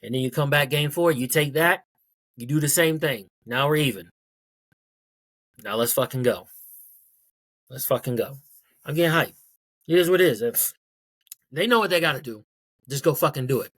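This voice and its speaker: A man's voice: fairly high pitch, a little fast, fairly bright tone. A man hosting his own podcast in a casual solo rant, blunt and profane, repeating points for emphasis. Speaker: podcast host.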